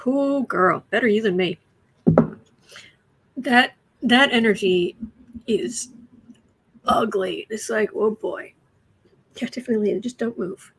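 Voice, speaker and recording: A woman hosting a casual tarot livestream from home, chatty, often dropping to soft whispers. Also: on the high side, slow, creaky, pauses often, slight background noise. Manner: chatty, soothing her cat in soft whispers between remarks. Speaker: astrology and tarot livestream host. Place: home room.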